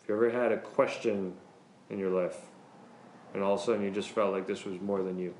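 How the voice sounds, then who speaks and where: A man, a pastor, teaching a church class in a casual, lively way, joking, often chuckling and asking the class questions. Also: low voice, fairly quick, slight background noise. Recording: roomy classroom echo.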